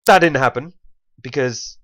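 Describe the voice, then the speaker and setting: A man's voice: mid-range voice, unhurried, fairly bright tone. A man from England talking casually through a chess game he played, rambling, correcting himself and laughing at his own mistakes.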